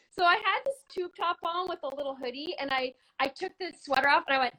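A woman from Canada in her thirties, chatting casually and telling an animated story, often laughing and breaking into shouts as she acts out moments. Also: sits high, fast, hardly any pauses, low-quality recording. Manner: animated, laughing, bursts into shouts when reenacting.

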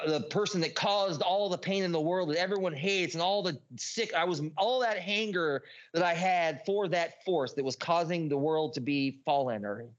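A man telling a story as a podcast guest, rambling and excitable, swearing a lot and packing his talk with filler words. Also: on the high side, muffled recording. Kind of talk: casual storytelling.

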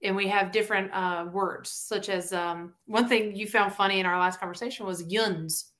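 Speaking at a moderate pace in a mid-range voice, this Tennessee woman with a Southern accent is a podcast guest in a relaxed interview. She tells stories with animation, performing the quotes as she goes.

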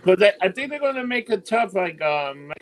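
A man's voice: sits high, very animated, moderate pace, slight background noise, low-quality recording. A man co-hosting a podcast, talking bluntly and with profanity in casual chat. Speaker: podcast co-host.

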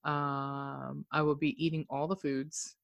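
A woman's voice: sits low, flat delivery, takes it slowly, creaky, highs cut off. A young woman co-hosting a podcast in casual chat, laughing often and swearing freely. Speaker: podcast co-host.

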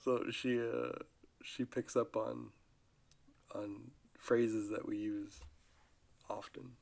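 Guy doing his own podcast, kinda gravelly voice, chatty and rambly, keeps restarting sentences. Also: on the low side, slow. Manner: rambling, relaxed, with many restarts. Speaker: podcast host. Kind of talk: casual solo podcast talk.

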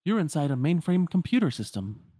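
A man voicing a calm adult man who explains things steadily. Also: on the high side, a little fast, husky, no room sound, studio quality, pitched above the performer's own voice. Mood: explaining.

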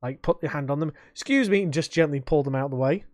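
Man telling animated pub stories. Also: fairly high pitch, fast, no room sound, studio quality. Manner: animated storytelling, swearing, acting out quotes. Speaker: podcast host. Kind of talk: casual chat.

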